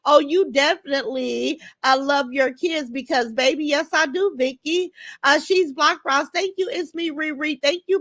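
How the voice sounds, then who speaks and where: An older woman, speaking in a high voice. She hosts a casual livestream, reading chat comments and answering them bluntly, heated and swearing freely. The sound is dry and close. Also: a bit bright, no room sound. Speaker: livestream host.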